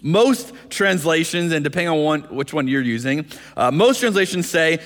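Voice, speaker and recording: A man's voice: fairly high pitch, expressive, moderate pace, fairly bright tone. Earnest preaching man in a reverberant hall. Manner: earnest preaching, acts out voices in quotes, frequent restarts. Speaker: pastor. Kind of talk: sermon.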